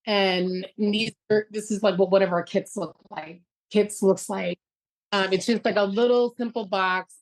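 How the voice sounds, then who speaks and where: A woman who co-founded a business, talking as a guest in a casual interview and telling lively stories full of "like" and "you know". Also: medium pitch, a little slow, poor audio.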